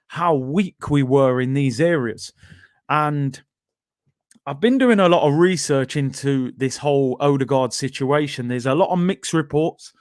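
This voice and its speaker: A man's voice: on the high side, no echo, clean studio sound. A man hosting a casual football talk stream, chatting loosely with many fillers and asides while reading viewer comments. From England. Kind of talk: casual live-stream chat.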